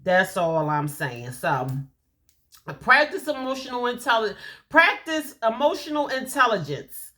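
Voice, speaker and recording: A woman gives a casual motivational talk, telling stories and throwing in lively quoted asides. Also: fairly high pitch, measured pace. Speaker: host.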